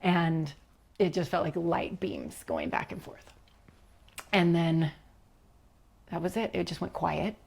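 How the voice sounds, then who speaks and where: A woman guest recounting a personal experience in an interview, animated and giggly, acting out quotes and dropping to a whisper at tense moments. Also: lowish voice, slow, gravelly, long pauses, breathy edge. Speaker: leadership coach, guest. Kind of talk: personal storytelling in a podcast interview.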